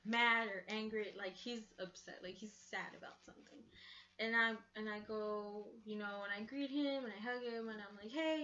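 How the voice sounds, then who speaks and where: Young woman, fairly high voice, bright, casual storytime, filler-heavy, lo-fi sound. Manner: chatty, swears, lots of fillers. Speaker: vlogger. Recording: dull lo-fi sound.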